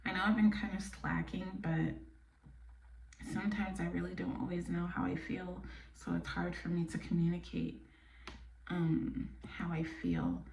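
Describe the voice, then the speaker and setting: Podcast host, woman from New York, gravelly low voice, blunt and candid, recorded in an echoey room. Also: level tone, a little slow. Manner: candid and blunt, drifting into soft near-whispers. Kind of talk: casual personal monologue. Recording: echoey room, mic a bit distant.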